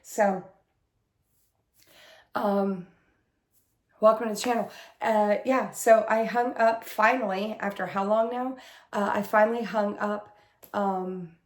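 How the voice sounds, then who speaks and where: Hoarse woman chatting in an echoey room. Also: mid-range voice, steady tone, slow, long pauses. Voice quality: smoky, husky. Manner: rambling, chatty, full of fillers. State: hoarse, getting over an illness. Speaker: cross-stitch video host. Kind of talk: casual chat to camera.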